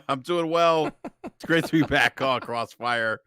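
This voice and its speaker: Guy guesting on a podcast, bright voice, soft, hesitant. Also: medium pitch, takes it slowly, clean tone, dry recording, clean studio sound. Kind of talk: casual podcast chat.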